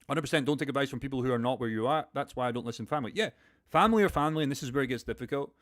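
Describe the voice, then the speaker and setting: Male streamer, young, fast and blunt, casual profane pep talk. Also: mid-range voice, a bit bright. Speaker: crypto live stream host. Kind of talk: casual live stream chat.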